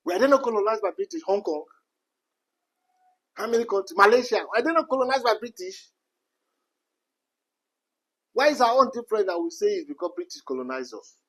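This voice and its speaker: Nigerian guy ranting hard, high husky voice, keeps repeating himself. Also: expressive, a little fast, pauses often, a bit bright, poor audio. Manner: repetitive, rhetorical questions, emphatic. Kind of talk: impassioned rant.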